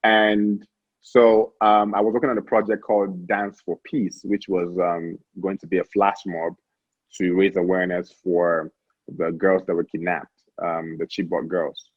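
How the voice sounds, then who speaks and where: Nigerian man telling a story, husky. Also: deep voice, unhurried, dry recording, phone-quality sound. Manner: animated, lots of restarts and stammered repeats. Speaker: guest, founder. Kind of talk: casual interview storytelling.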